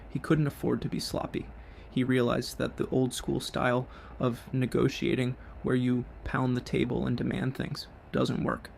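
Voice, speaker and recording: A man's voice: medium pitch, creaky, slight background noise. A man hosting a show, delivering a scripted business monologue in blunt, punchy short sentences. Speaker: show host.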